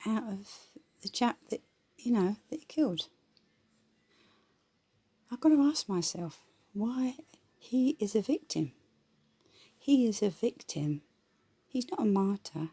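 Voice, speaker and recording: A woman's voice: mid-range voice, dark tone, slightly rough. A woman giving her blunt, rambling opinions in casual, colloquial talk.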